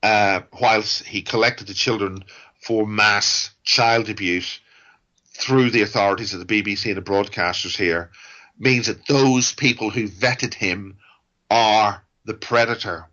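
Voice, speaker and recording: Low, forceful middle-aged man ranting. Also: fairly even intonation, unhurried, lo-fi sound. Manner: ranting, digressive, wry. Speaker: guest. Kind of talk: rambling interview talk.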